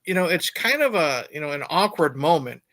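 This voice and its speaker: A man with a high, bright voice retells favourite movie scenes, laid-back and swearing now and then. The sound is dry, with no room echo. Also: big pitch swings, fairly quick. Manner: laid-back storyteller, swears, lots of "you know". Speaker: podcast co-host. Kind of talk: casual film discussion.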